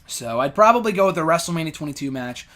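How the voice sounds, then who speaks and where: Fast-talking and expressive, this young male host has a fairly high pitch and a sharp tone. On his casual show he rambles through fan questions with lots of fillers and blunt opinions in an easygoing chat.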